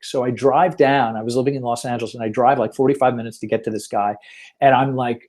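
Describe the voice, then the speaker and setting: A man talks through a webinar in a loose, chatty way. He tells stories and pokes fun at himself, with plenty of ums along the way. His voice is mellow and of middle pitch. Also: brisk. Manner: chatty, self-deprecating, lots of fillers. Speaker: webinar host. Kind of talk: casual webinar talk with storytelling.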